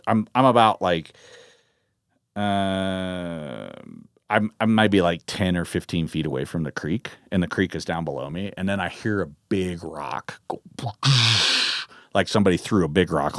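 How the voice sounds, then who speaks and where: A man's voice: low voice, no room sound, studio quality. A man from Northern California, a podcast guest, telling a story in casual conversation with lots of swearing and restarts. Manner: animated, profane, full of restarts.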